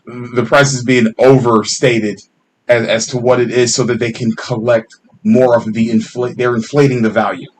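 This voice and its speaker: A man's voice: mid-range voice, level tone, normal speed, slight background noise, poor audio. Rambling, laughing male podcast co-host. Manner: rambling, swears freely, laughs often mid-sentence. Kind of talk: casual chat.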